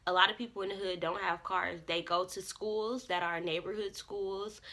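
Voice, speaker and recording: Animated, profane young woman vlogger. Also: fairly low pitch. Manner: animated, profane, swings into loud self-talk. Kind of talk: casual storytime.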